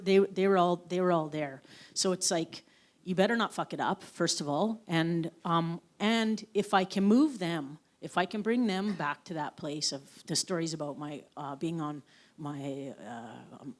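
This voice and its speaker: A woman from the Yukon, an author in an onstage conversation, telling frank family anecdotes with casual swearing. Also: fairly low pitch. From Yukon, Canada. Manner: anecdotal storyteller, frank and profane. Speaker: author guest. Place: live event on stage.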